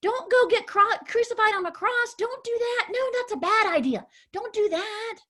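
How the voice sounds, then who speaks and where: A woman's voice: very high-pitched, animated, moderate pace, fairly bright tone, voice pushed up. A woman acting out Peter as an anxious man who pleads and insists, in a children's Bible lesson. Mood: pleading.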